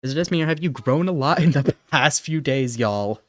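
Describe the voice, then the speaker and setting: A man's voice: medium pitch, lively intonation, normal speed, a bit bright. A man in his twenties from Ohio with a subtle Ohio accent, rambling and swearing freely in casual chat as a streamer playing a game. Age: 20s. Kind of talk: casual chat while gaming.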